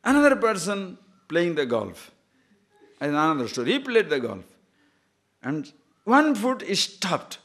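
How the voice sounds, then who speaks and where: Man, spiritual teacher, fairly high voice, very animated pitch, repeats words, chuckles at his own stories. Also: a little slow, pauses often. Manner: lively, repetitive, jokes and chuckles, asks listeners questions. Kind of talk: spiritual discourse with jokes and stories.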